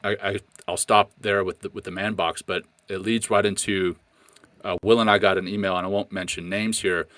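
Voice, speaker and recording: Deep-voiced earnest man on a podcast. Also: flat delivery, fairly bright tone, no room sound. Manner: earnest, passionate, halting with repeated restarts. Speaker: podcast co-host. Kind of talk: casual podcast discussion.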